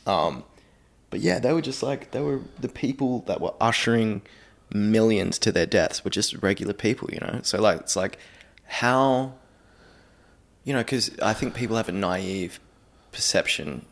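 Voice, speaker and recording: A man talks in a relaxed, expletive-heavy chat, often breaking into laughter. His voice sits low with a gravelly fry. His pitch swings widely as he gets animated. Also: normal speed. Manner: swearing, laughing a lot, animated. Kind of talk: casual chat.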